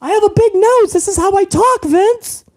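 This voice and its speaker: A man doing a squeaky, nasal impression of a whiny middle-aged wrestling executive. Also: normal speed.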